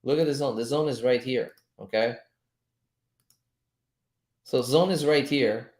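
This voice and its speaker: A man whose first language is French, chatting casually as a trading coach while he reads charts live, loose-tongued and quick to chuckle. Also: mid-range voice, darkish tone. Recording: roomy echo.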